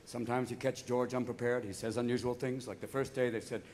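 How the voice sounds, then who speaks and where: A man doing stand-up comedy on a theater stage, talking rapid-fire and breaking into voices and shouted bursts. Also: mid-range voice, steady tone. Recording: live theater recording with audience noise. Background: audience laughter and applause.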